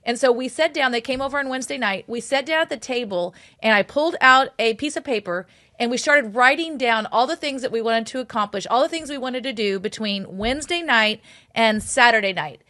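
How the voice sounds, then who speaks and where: A woman's voice: on the high side, fairly quick, pushed and bright, dry recording, clean studio sound. An older woman co-hosting a podcast, eagerly telling a casual story. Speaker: podcast co-host. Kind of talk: casual chat.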